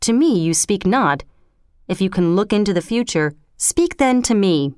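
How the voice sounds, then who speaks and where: An earnest, bold noble warrior who presses strange beings with pointed questions, as a woman reads him in a storybook. The voice is smooth and resonant, recorded dry and close. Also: mid-range voice, expressive, normal speed, darkish tone, dry recording, close to an everyday voice. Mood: challenging. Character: brave noble male warrior Banquo, questioning.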